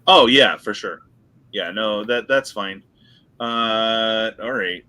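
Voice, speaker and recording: A young man hosting a casual live stream chat, animated and laughing often. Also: on the low side, takes it slowly. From California. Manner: animated, laughs often, drinks and toasts viewers. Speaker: host.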